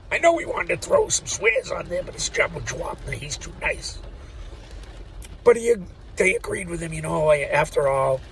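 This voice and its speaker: Gravelly, rambling man. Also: fairly high pitch. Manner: profane, joking, meandering. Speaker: vlogger. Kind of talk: rambling monologue. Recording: distant mic with loud background noise.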